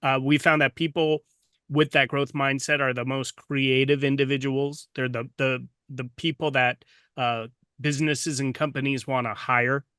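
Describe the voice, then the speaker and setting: Male podcast host who admires his guest and rambles, with a bright, dry sound. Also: mid-range voice, flat delivery, normal speed, clean tone, dry recording. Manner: admiring, rambling, with many restarts. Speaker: podcast host, program leader. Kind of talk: interview questions.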